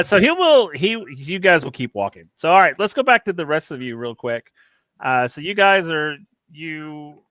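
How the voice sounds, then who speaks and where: A man running a tabletop game as game master, chatty and loose, laughing often and filling pauses. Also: on the high side, a bit bright, dry recording. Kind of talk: narrating a tabletop game over a live stream.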